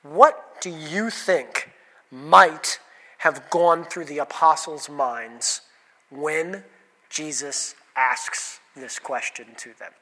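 A man's voice: a little high, very slow, sharp tone. A man preaching an interactive sermon, asking the congregation questions and calling on people by name. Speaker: pastor. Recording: hall reverb.

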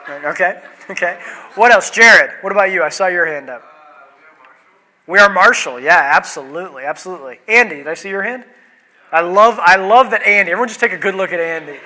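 A man's voice: sits high, a little fast, pushed and bright, poor audio. A man in his thirties preaching a sermon in a church, chatting playfully with the congregation. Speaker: pastor. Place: church sanctuary.

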